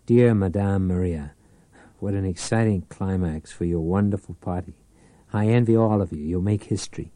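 A man voicing a suave, commanding male police prefect who speaks with smooth courtesy and icy authority. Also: sits low, moderate pace, dark tone, no room sound, close to an everyday voice. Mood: charming.

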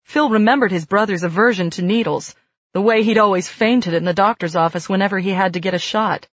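A woman narrating an audiobook in a calm, steady storytelling manner. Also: medium pitch, a little fast, dry recording. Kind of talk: scripted narration. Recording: dull dry studio read.

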